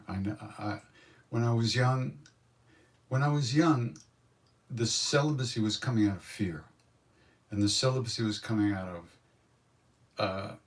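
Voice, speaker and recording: An older man tells stories at a spiritual gathering in a low voice. He talks in an animated way and acts out what others said. The mic sits some distance from him. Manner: animated storyteller, acts out quotes. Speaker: spiritual teacher telling stories. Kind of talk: storytelling satsang talk.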